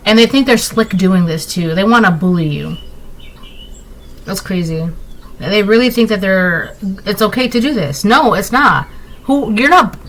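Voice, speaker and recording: A woman's voice: mid-range voice, lively intonation, a little slow, a bit bright, slight background noise, poor audio. A woman doing a casual tarot reading, talking emphatically and often tagging lines with "right?". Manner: emphatic, repetitive, rhetorical "right?" asides. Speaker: tarot reader.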